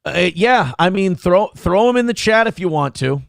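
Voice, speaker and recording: Animated, profane man telling a story. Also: high-pitched, normal speed, vocal fry, no echo, clean studio sound. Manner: animated storytelling, swears, acts out voices. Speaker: show host. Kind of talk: casual livestream chat.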